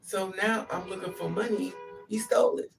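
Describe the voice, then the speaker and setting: A woman's voice: medium pitch, normal speed, vocal fry, faint music behind. A woman telling a personal story in a casual monologue, animatedly acting out what others said. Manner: animated, acts out quotes. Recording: distant mic with faint noise.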